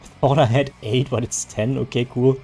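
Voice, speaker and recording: A man's voice: medium pitch, steady tone, normal speed, mellow, breathy edge, faint music behind. A man with a German accent, a native German speaker, chatting casually with his viewers while streaming a game, answering them aloud with frequent restarts. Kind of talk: casual live-stream chat.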